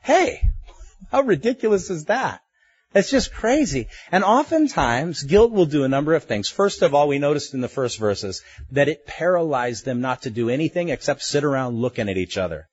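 A man preaching a sermon in a lively, conversational way, asking his listeners pointed questions. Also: mid-range voice, a little fast, few pauses, breathy edge, dry recording, dull audio.

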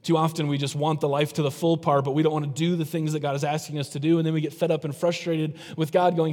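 A middle-aged man delivers a sermon as a pastor, speaking in a fairly high voice. His preaching is conversational and full of rhetorical questions to the congregation. His voice rings with a long reverb, as if he is in a large church hall. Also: little pitch movement, fast talker, hardly any pauses, a little mellow.

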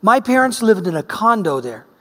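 A man's voice: sits high, moderate pace, long reverb tail. A middle-aged man from Oregon preaching a sermon, telling a personal story and acting out the voices in it. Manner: animated storyteller, acts out voices. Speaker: pastor.

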